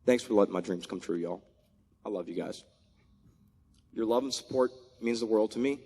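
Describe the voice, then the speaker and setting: In a vast aircraft hangar, a ceremony features a Maryland commander in his forties stepping down, who offers heartfelt thanks to people individually while holding back tears. He has a lowish voice with a dark tone, and the hangar's long echo carries it.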